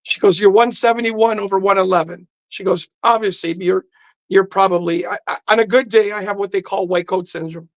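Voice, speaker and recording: A man's voice: sits high, fairly even intonation, brisk, no room sound, highs cut off. Guy telling a story real intense on a podcast, acts out all the lines, dead dry close mic. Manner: intense, vivid storytelling with quoted dialogue. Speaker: podcast guest. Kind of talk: storytelling in casual chat. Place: podcast studio.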